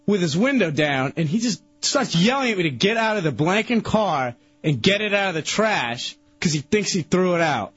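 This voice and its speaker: A husky, fairly high male voice that swoops all over as he rambles through an excitable story on a radio show, stumbling and restarting. The sound is dry and a bit dull, like a lo-fi broadcast. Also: normal speed, few pauses, no room sound, faint music behind.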